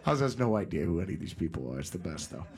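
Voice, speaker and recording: A middle-aged man, a musician, telling rambling anecdotes in a casual interview, laughing often and slipping into quick impressions. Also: low voice, very animated, a little mellow. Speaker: guest musician.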